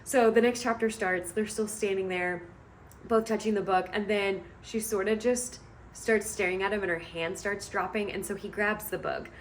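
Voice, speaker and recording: A woman's voice: mid-range voice, slight background noise. Chatty woman recapping a story. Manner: chatty, amused, hedging asides. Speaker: book vlogger. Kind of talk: casual chatty retelling.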